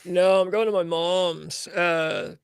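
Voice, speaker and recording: Gravelly young man, dry close sound. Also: high voice, steady tone, slow pace, no echo. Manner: chatty, rambling, says "dude" and "like". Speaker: podcast co-host. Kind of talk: casual chat.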